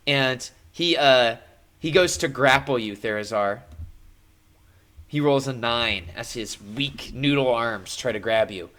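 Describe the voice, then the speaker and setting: A man's voice: medium pitch, a little slow, a bit bright. A man narrating a live-streamed tabletop game as game master, playful and jokey, with frequent fillers.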